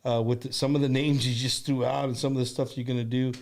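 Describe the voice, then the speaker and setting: A man hosting a casual interview show, chatting in a relaxed way with frequent restarts. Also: medium pitch, fast talker. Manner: relaxed, repeats and restarts words. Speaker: host.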